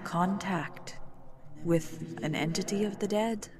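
A woman playing a slow, teasing ruler of the dead. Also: mid-range voice, a crowd in the background, close to an everyday voice. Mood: condescending, amused. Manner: slow, teasing, condescending, with musing hums. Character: amused immortal female ruler of the dead. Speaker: role-play performer. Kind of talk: audio role-play to the listener.

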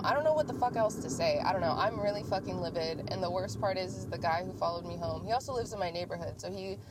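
A young woman hosting a casual podcast while driving, rambling and swearing freely as she vents. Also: medium pitch. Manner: profane, venting, rambling. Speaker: podcast host. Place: inside a car in the rain. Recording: noisy car interior.

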